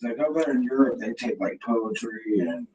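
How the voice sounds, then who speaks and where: A man's voice: medium pitch, animated, normal speed, muffled recording, crowd noise. A man co-hosting a casual podcast, teasing his co-host and hamming up a mock-formal intro. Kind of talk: casual chat.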